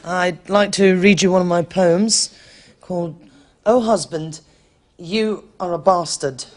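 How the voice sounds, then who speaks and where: A prim poet-wife. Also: female voice, on the low side, slow pace, a little hiss or hum. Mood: mock-solemn. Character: middle-aged wife reading a bawdy poem. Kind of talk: sketch comedy acting.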